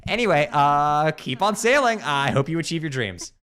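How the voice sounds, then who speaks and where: A man reading game dialogue aloud during a playthrough, swinging between loud outbursts and low mutters. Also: big pitch swings, normal speed, clean tone.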